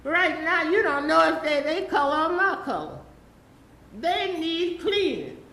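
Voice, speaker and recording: A woman's voice: high-pitched, normal speed, creaky, pushed and bright, roomy sound, low-quality recording. Elderly woman, rambling and pleading. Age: 80s. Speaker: public commenter at city council. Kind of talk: public comment speech. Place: city council chamber.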